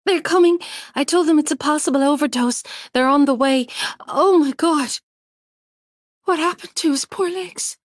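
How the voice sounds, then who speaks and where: A woman's voice: high voice, moderate pace, no room sound, studio quality, voice pushed up, lightly acted. A woman voicing an alarmed female helper who speaks urgently and practically.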